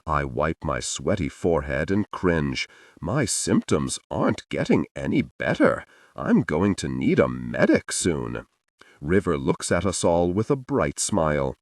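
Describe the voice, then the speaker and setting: Deep, slow male audiobook narrator. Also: very animated, no room sound, clean studio sound. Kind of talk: first-person romance narration.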